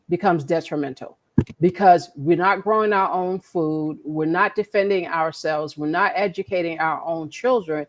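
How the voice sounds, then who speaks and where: A woman's voice: on the low side, a little mellow. A woman co-hosting a podcast, talking in an earnest, preachy way and repeating words as she makes her point. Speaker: podcast co-host. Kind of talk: casual conversation.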